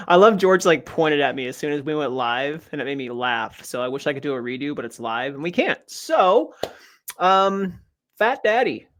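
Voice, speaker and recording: A man's voice: fairly high pitch, expressive, a little fast, fairly bright tone. A man co-hosting a live podcast, chatting casually in a playful, teasing way and laughing often. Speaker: podcast co-host.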